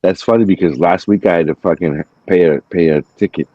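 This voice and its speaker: A man's voice: low voice, a little fast, no room sound, lo-fi sound. A man hosting a podcast, chatting casually and telling a story with lots of swearing. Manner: animated storytelling, acting out quotes, frequent swearing. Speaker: podcast host. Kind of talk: casual chat.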